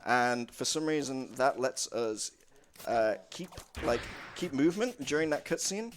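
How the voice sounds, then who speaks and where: A man's voice: medium pitch, lively intonation, a little slow, slight background noise. A man commentating his own speedrun in a casual, jokey way, laughing often. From United Kingdom. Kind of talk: casual live commentary on a game run.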